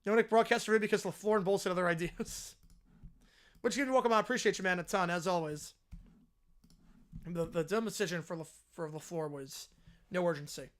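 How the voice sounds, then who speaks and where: A young man streaming live play-by-play and reaction, yelling at the game on screen and chatting with viewers in between. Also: sits high, a little fast, pauses often. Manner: excitable, yells at the screen, then chats with viewers.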